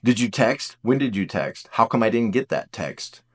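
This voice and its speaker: A man's voice: lowish voice, lively intonation, slightly rough, pitched below the performer's own voice. A man voicing an anxious, suspicious man who fires off one worried question after another. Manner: rapid-fire worried questions.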